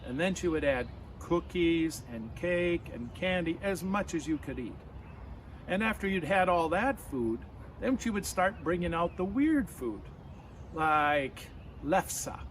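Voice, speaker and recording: A man's voice: on the high side, lively intonation, slow pace, a little hiss or hum. A man telling a friendly story outdoors in a backyard and leading a clap-along for listeners. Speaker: storyteller and folk musician. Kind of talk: storytelling to children.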